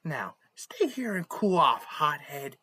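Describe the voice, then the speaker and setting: A woman's voice: deep voice, very animated, slow pace, bright, forceful tone, breathy edge, exaggerated voice. A woman voicing a haughty, bossy schoolgirl who scolds and makes demands. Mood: scolding. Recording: faint game music behind.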